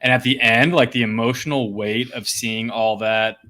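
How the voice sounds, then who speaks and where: A man co-hosting a casual podcast chat, reflective and measured with some hesitations. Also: mid-range voice, fairly even intonation, pushed and bright. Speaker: podcast co-host.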